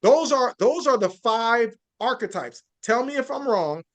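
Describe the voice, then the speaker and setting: A man's voice: very high voice, expressive, unhurried, a bit bright. A man speaking as a journalist guest in a podcast interview, earnest and building his points through lists and frequent restarts.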